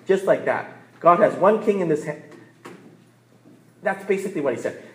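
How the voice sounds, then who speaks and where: A man's voice: sits high, expressive, normal speed. Chatty male pastor in a roomy church. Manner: conversational, asks "right?" often, laughs between points. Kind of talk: sermon. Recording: roomy echo.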